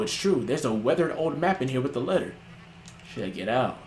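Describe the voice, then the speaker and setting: Young man joking loudly over a game. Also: mid-range voice, sing-song, normal speed. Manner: loud, joking reactions with slang and frequent laughs. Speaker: gaming streamer. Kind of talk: casual let's-play commentary. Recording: roomy with music in background.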